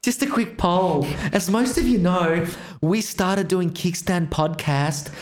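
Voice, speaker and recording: Brief: man putting on an easygoing American-sounding young guy, drawling, a bit higher than typical, echoey room. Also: slow.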